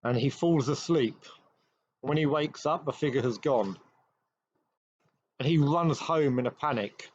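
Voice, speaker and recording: A man hosting a show, retelling an old ghost story with measured pacing and dramatic pauses. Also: mid-range voice, a little mellow, husky. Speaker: host. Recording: dry, slightly dull recording.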